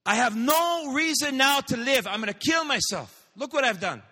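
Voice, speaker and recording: A man's voice: sits high, expressive, measured pace, bright, forceful tone, breathy edge, in a large hall, heavily acted. A man voicing a desperate young woman who has run away from home, pleading and emotional. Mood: despairing.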